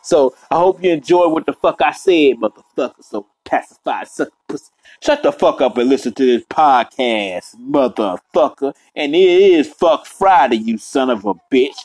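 A man's voice: medium pitch, expressive, moderate pace, darkish tone, no room sound, low-quality recording. A young man hosting his own podcast alone at home, rambling bluntly and swearing constantly in casual talk. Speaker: podcast host. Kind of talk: casual solo podcast rant. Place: apartment room.

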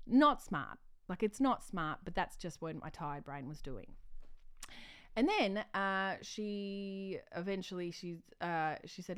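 Comedian guest, woman, lowish voice, self-deprecating storyteller, quick to laugh. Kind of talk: casual interview chat.

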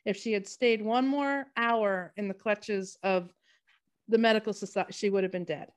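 A woman with a mid-range voice co-hosts a podcast, talking at a normal speed with fairly even intonation. She chats casually and tells long, rambling stories.

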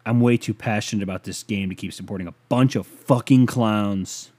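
A man in a mellow voice doing a dramatic reading of a furious football fan's profane rant. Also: fairly low pitch, moderate pace, lightly acted. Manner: ranting, profane. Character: furious bitter male football fan.

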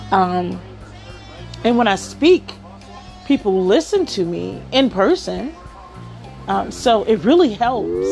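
A woman's voice: medium pitch, creaky. A woman hosting a podcast, giving work advice in a casual monologue, often checking in with "okay?" and "right?".

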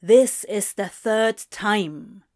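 A woman voicing a sardonic, weary male demon who speaks louder and more clipped than her narration. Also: medium pitch, extremely slow. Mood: exasperated.

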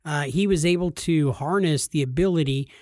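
A man with a somewhat high voice talks casually as a podcast co-host. He is easygoing and agreeable, often chiming in with short replies. The recording is dry and close. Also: normal speed, darkish tone, dry recording. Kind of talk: casual chat.

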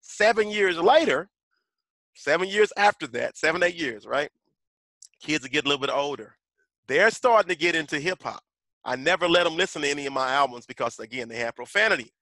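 Lively middle-aged man. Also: fairly high pitch, brisk, no echo. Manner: bursts into rhymed rap verses mid-talk. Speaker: podcast guest, rapper and voiceover artist. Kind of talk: animated conversational storytelling.

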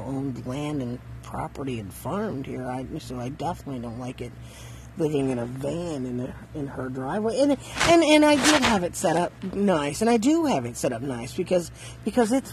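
A man living in a van, telling a rambling story in a casual, halting way, repeating words and laughing often. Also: a little high, slight background noise, rough recording.

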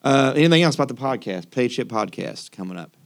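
A man hosting a relaxed group podcast in an ordinary mid-range voice. He rambles easily, with lots of "uh"s and restarts as he lays out plans. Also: medium pitch, fast talker, creaky. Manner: easygoing, with many fillers and restarts. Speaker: podcast host. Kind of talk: casual podcast chat.

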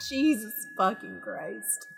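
A woman's voice: mid-range voice, very slow, creaky, noisy background. A woman co-hosting a podcast, ranting about a movie in casual chat and swearing freely. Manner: animated, profane ranting. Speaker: podcast co-host.

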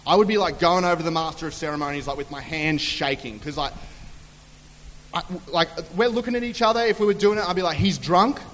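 A man's voice: a little high, fast talker, fairly bright tone, a little hiss or hum. A man preaching a humorous sermon in a chatty storytelling way, acting out quotes. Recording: long hall reverb.

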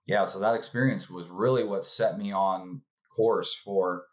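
Male guest, low voice, loose storyteller with lots of "like" and "man", dull lo-fi sound. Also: a little slow. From California. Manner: relaxed storyteller, filler-heavy, acts out quoted voices. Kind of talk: casual storytelling.

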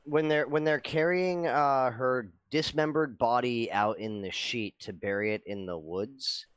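A man's voice: medium pitch, a little slow, smooth, no room sound. Thoughtful man, dry close sound. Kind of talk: casual podcast chat.

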